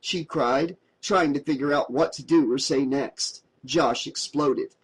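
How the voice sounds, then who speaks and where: A man narrating a horror audiobook in a steady, dramatic storytelling voice. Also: medium pitch, measured pace, husky, low-quality recording.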